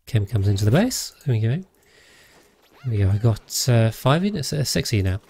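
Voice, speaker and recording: A man's voice: on the low side, big pitch swings, normal speed, gravelly, darkish tone, husky. A man chatting casually on a livestream while playing a game, rambling with frequent hesitations and self-corrections. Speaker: game streamer.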